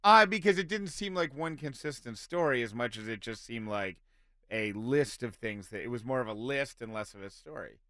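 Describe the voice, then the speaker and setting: A man's voice: mid-range voice, expressive, moderate pace, pushed and bright, no room sound, studio quality. A man hosting a radio show, explaining the game rules and teasing his co-hosts with frequent laughter. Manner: playful, laughing, teasing host. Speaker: radio host. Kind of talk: casual radio chat.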